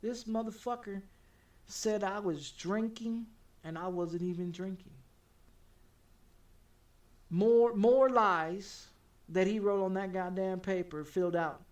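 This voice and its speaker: High-voiced man telling a heated, profane story. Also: takes it slowly, long pauses, distant mic. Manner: profane, heated, stammering repetitions. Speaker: game streamer. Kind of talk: casual storytelling while streaming.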